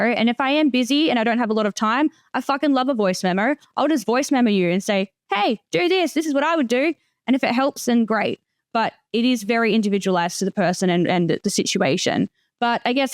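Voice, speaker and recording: A woman's voice: fairly high pitch, dry recording, clean studio sound. A woman hosting a podcast, talking frankly and chattily, swearing casually. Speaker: podcast host.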